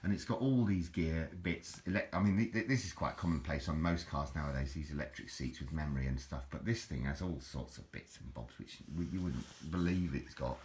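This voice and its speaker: A man's voice: a bass voice, a little fast, hardly any pauses, a little mellow. A middle-aged man, rambling in a casual, jokey video monologue with frequent restarts. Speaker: vlogger.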